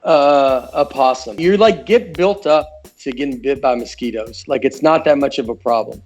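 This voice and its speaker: A man's voice: medium pitch, moderate pace, a little mellow, soft background music. A man from Tennessee with a Southern accent, a comedian answering interview questions in a rambling, self-interrupting way with dry asides. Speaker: comedian guest. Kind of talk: casual interview chat.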